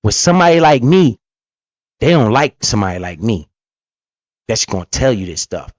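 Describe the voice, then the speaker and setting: This finance commentator has a mid-range, sing-song voice and a moderate pace as he reacts to a clip. He rants about investing with heat and profanity, hammering his points home to listeners. The audio is dry, dull and lo-fi.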